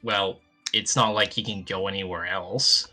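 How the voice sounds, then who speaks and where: A man playing a tabletop game, hesitant and full of pauses. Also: low-pitched, fairly even intonation, sharp tone, soft background music. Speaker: player. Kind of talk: casual tabletop play.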